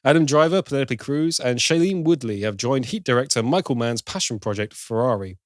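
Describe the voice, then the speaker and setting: A man's voice: medium pitch, expressive, fairly quick, no echo, studio quality. A man co-hosting a film podcast, chatting casually, swearing and laughing at bad films. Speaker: podcast co-host.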